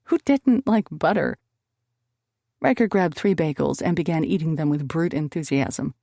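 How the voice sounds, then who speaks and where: Expressive woman narrating an audiobook. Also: low voice, moderate pace, creaky, no echo, clean studio sound. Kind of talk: first-person audiobook narration.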